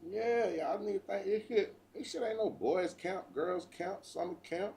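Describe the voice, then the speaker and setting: A man's voice: high-pitched, a little slow, darkish tone. A man hosting a livestream, giving a profane, preachy street-talk monologue and repeatedly calling listeners "bruh". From United States. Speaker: livestream host.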